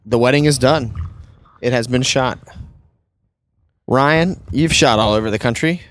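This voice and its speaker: A man from the American South, hosting a casual podcast chat as a wedding photographer and telling lively anecdotes. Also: mid-range voice, measured pace. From Southern United States. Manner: chatty storyteller, acts out voices in anecdotes.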